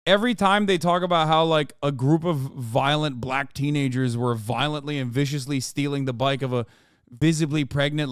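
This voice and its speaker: A man's voice: a little high, a bit bright, smooth, no echo, studio quality. A man streaming live, reacting to a clip in casual, blunt commentary full of swearing and disbelief. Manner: blunt, heavy swearing, incredulous.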